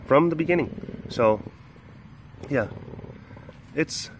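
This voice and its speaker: A man chatting casually on his vlog, a playful rambler. His voice sits a touch high and bounces around a lot as he talks. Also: expressive, takes it slowly, noisy background. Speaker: sanctuary keeper and vlog host.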